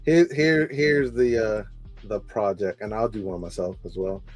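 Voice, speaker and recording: A man from Maryland co-hosting a podcast in casual chat, laid-back and slangy, often trailing off quietly. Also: fairly low pitch, expressive, moderate pace, soft background music. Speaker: podcast co-host.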